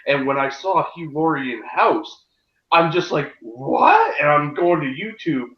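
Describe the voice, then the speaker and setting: A man with a slightly high voice chatting animatedly on a podcast, acting out remembered conversations. His sound is roomy and echoey, with a dull, lo-fi tone. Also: normal speed. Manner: animated, acts out quotes, laughs. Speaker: podcast co-host. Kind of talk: casual chat on a live stream.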